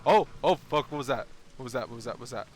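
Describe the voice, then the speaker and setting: A man's voice: medium pitch, fast, a little mellow, a little hiss or hum. Giggly, rambling male streamer. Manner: rambling, joking, giggly, talks to chat. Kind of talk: casual live-stream chat while playing a game.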